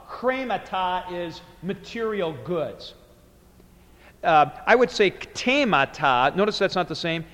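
Slow, deliberate man lecturing in a reverberant hall. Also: high-pitched, expressive, a bit bright. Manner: deliberate, parsing words aloud, often slowing to spell things out. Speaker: Greek New Testament teacher. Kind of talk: classroom lecture on Greek grammar.

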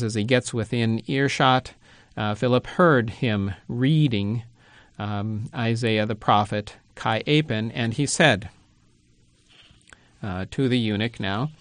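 A man lecturing on biblical Greek at an unhurried, halting pace, often pausing with ums and uhs. He reads the Greek words slowly and carefully before explaining them, his voice sitting at an ordinary middle pitch. The recording is dry and close, with no room sound. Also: no echo. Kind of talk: lecture reading a Greek text.

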